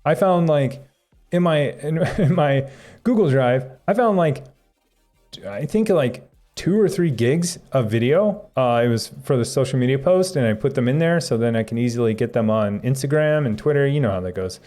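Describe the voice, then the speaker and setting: Mellow-voiced man rambling on a live stream. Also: mid-range voice, animated, moderate pace, soft background music. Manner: rambling, chuckling, reading chat aloud. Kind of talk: casual live-stream chat.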